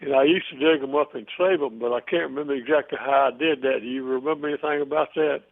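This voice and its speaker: A man's voice: medium pitch, steady tone, fast, vocal fry. Older man on a phone line. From Mobile, Alabama. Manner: folksy, rambling storyteller. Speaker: caller. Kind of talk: casual phone-in chat.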